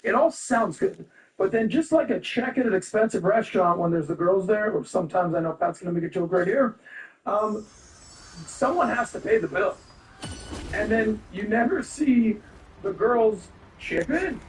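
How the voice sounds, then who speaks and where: A man's voice: sits high, expressive, moderate pace. A man co-hosting a casual podcast chat, opinionated and rambling, with jokey asides. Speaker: podcast co-host. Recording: roomy, distant mic with background noise.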